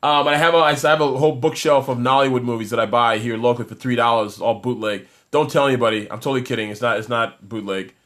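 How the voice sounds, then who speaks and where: A man's voice: mid-range voice, fairly even intonation, fast, few pauses, a bit bright. A man from Toronto, a business coach doing a live stream, talking energetically and reading out viewer comments, with many restarts. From Toronto, Canada.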